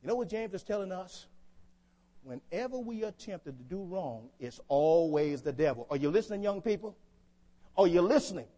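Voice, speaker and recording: A man's voice: sits high, lively intonation, normal speed, dark tone. A man preaching a sermon to a congregation, often asking them questions to draw them in. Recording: long hall reverb.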